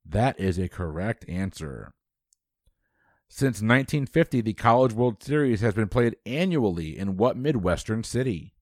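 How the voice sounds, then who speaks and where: A man hosting a trivia quiz, reading questions briskly and dropping dry quips. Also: fairly low pitch, lively intonation, a little mellow, dry recording.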